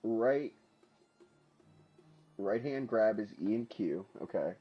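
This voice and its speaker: Man, gaming streamer, excitable, lively swooping pitch, slightly muffled audio. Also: slow pace, breathy edge, soft background music. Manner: excitable, laughing, trash-talking the opponent. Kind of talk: casual live gameplay commentary.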